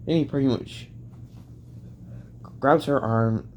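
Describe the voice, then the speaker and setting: A man improvising a fan-fiction story out loud, rambling and restarting often with lots of filler phrases. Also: medium pitch, takes it slowly, slight background noise.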